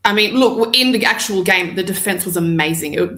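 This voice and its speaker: A woman, a podcast guest, talking football with enthusiasm in long, excited stretches. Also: mid-range voice, brisk, roomy sound. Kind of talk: casual football chat.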